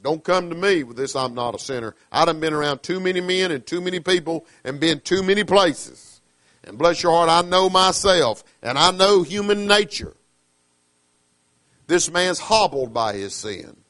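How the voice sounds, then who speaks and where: A man preaching a sermon, swinging from hushed asides to fervent calls, with folksy dialect grammar. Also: sits high, moderate pace, dry recording.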